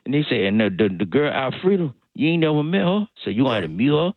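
A man's voice: medium pitch, animated, racing, hardly any pauses, dry recording. A man calling in on the phone, drawling and repeating himself as he talks his way out of coming to work. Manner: drawling, repetitive, excuse-making. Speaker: caller. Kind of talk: comic phone bit. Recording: tinny phone line.

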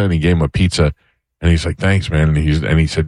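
A man's voice: very deep voice, level tone, fast talker, darkish tone, no echo. A man hosting a radio talk show, telling blunt stories in casual chat. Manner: blunt, storytelling.

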